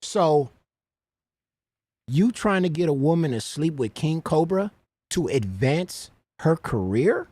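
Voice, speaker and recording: A man reacting to clips on a stream in casual commentary, animated and talking straight to the viewer, often saying "bro". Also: fairly high pitch, slow, pauses often, slightly rough, dry recording.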